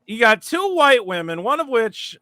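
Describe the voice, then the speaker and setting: A man hosting a casual comedic podcast, loud, mocking and swearing a lot. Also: very high-pitched, big pitch swings, normal speed, no room sound. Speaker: podcast host.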